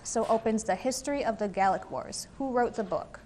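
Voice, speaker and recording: A woman moderating a quiz competition, reading questions and rulings in a measured, formal way with an occasional "um". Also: on the high side, a little mellow, slight background noise.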